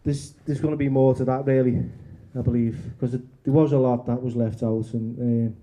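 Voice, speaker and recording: A man's voice: mid-range voice, fairly even intonation, a little fast, warm tone. A man telling candid stories and reading his own book aloud at a bookshop event, frank and self-mocking, chatty with lots of fillers. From England.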